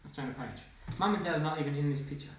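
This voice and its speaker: A man, a children's author, reading his own picture book aloud with playful, animated commentary and sound effects. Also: fairly high pitch, very fast. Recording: echoey room, faint noise.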